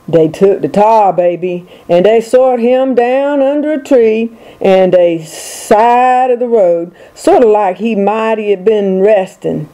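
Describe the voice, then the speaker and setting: Slow, mellow older woman reading a folk tale. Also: mid-range voice. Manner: slow, rhythmic folk-dialect storytelling. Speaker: storyteller reading to grandchildren.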